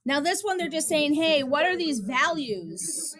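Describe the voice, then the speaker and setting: A woman's voice: high-pitched, lively intonation, a little slow, a bit bright. Chatty woman teaching math class. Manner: chatty, casual, tells personal stories to class.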